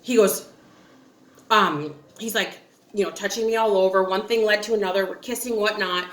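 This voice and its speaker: Speaking at a normal speed in a medium-pitched voice, a woman from upstate New York casually tells a story to her viewers on camera. She giggles, chats, acts out quotes, and uses plenty of "likes" and "ums," and the space sounds reverberant.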